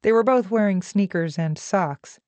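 A woman narrating a novel in a slow, measured, even reading voice. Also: mid-range voice, no echo. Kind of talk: audiobook narration.

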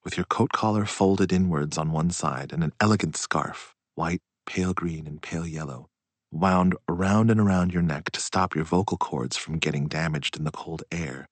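A man reading a literary story aloud in a slow, hushed and reflective way. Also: sits low, no room sound. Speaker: audiobook narrator. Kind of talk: literary audiobook narration.

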